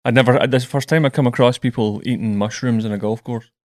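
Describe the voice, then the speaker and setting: A man's voice: mid-range voice, steady tone, fast talker, a little mellow, dry recording, studio quality. A man hosting a podcast, telling stories in a chatty way and often stumbling over his words. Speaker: podcast host. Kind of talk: casual chat.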